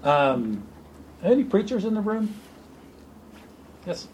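A man preaching an informal sermon to a small group, animated and joking. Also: high voice, takes it slowly, a little hiss or hum, rough recording. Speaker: pastor.

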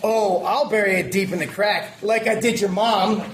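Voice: mid-range voice, fairly even intonation, moderate pace, natural voice. A performer voicing a wisecracking, grimy male maintenance worker who teases and puts on mock charm. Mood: teasing. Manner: cocky, teasing, mock-charming. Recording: echoey room from a distance with faint noise.

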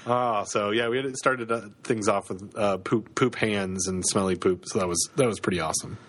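A man's voice: on the low side, moderate pace, fairly bright tone. Canadian guy co-hosting a podcast. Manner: hesitant, many restarts and fillers. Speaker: podcast co-host. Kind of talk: casual chat.

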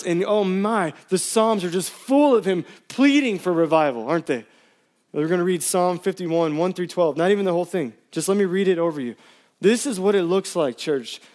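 A man preaching a sermon, impassioned, climbing to pleading highs and then dropping quiet and intimate. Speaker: pastor.

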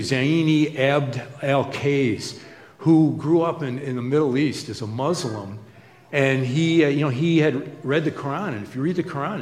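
Pastor, middle-aged man, chatty sermon storyteller; roomy hall sound. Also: mid-range voice. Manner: conversational, storytelling with asides. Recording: echoey hall with long reverb.

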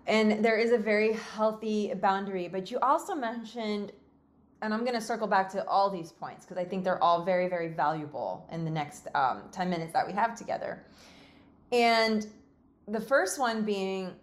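A woman's voice: medium pitch, normal speed. A woman hosting a casual conversation, telling stories expressively and laughing often. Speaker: podcast host.

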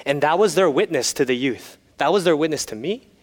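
Animated preacher in an echoing hall. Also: male voice, a little high, a little fast. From United States. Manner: storytelling, humorous, then earnest and hushed. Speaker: pastor. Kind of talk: sermon.

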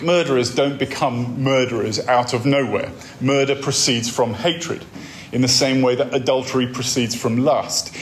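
A man's voice: medium pitch, slight background noise. A man giving a wry, conversational talk on a faith course, telling stories to make his points. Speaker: course speaker.

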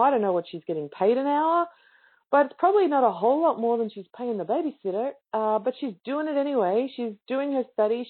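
With a husky voice on the high side, a yoga student tells her yoga teachers a chatty, upbeat story from a yoga class, performing the other people's quoted lines. It's heard through online call or webinar audio that sounds narrow, like a phone.

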